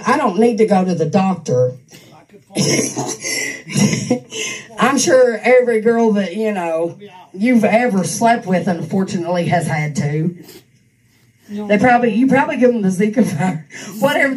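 A woman's voice: medium pitch, a little mellow, far from the mic, poor audio. Mocking woman ranting crudely, off-mic. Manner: mocking, crude, laughs often. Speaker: streamer ranting at an online troll. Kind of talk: profane casual rant. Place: on a couch at home. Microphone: handheld microphone.

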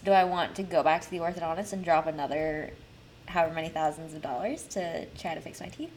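A woman's voice: sits low, quick pace, a little mellow, slight background noise, poor audio. A young woman co-hosting a podcast, telling stories in a chatty, self-mocking way. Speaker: podcast co-host. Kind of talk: casual chat.

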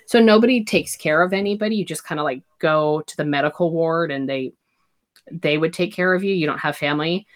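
A woman's voice: deep voice, brisk. A woman co-hosting a casual book chat, enthusiastically summarizing chapters. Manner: enthusiastic, gushing over the romance. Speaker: book podcast co-host.

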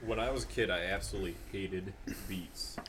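Brief: male guest, low voice, clear background noise. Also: fairly quick. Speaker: returning podcast guest. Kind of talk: casual chat while tasting food.

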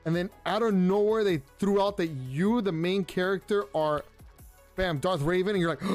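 A man with a high voice reviews things casually on his own show, rambling and circling back with ums and repeated words. Faint music runs quietly underneath him. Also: fairly quick. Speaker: pop culture show host. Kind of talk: casual solo review talk.

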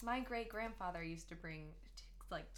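A woman's voice: fairly low pitch, normal speed, slight background noise. A young woman from Texas hosting a casual interview, asking playful questions and giggling. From Longview, Texas. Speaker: interview host.

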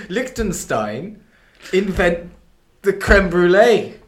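A man's voice: sits high, big pitch swings, very slow, heavily acted. A man voicing a boastful, petty delegate from Liechtenstein who brags in broken English. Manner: broken English, bragging and taunting. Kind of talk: improvised comedy role-play. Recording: echoey room, faint noise.

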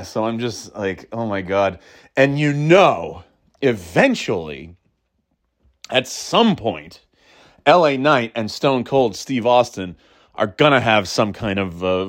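A man's voice: fairly low pitch, expressive, slow. Rambling man chatting casually. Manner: rambling, many fillers and restarts, jokey asides; breaks into short mock catchphrase imitations. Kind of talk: casual solo chat.

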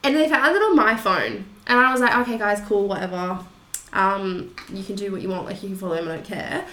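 A young woman in her twenties chatting casually, lively and laughing a lot. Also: mid-range voice, a little fast. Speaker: podcast guest. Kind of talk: casual chat. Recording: echoey room, faint noise.

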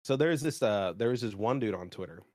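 A man's voice: fairly low pitch, expressive, a little fast, a little mellow, no room sound, clean studio sound. A man co-hosting a gaming podcast, telling stories loosely with fillers and some swearing. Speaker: podcast co-host. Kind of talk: casual chat.

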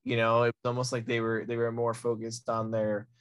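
A man's voice: mid-range voice, monotone, a little fast, fairly bright tone, smooth. Blunt, emphatic man co-hosting a podcast. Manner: blunt and emphatic, opens points with "listen". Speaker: podcast co-host. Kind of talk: casual podcast chat.

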